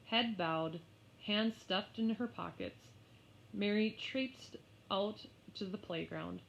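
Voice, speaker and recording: A woman narrating a children's story aloud in an expressive, unhurried way. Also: mid-range voice, creaky, a little hiss or hum. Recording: slightly muffled lo-fi.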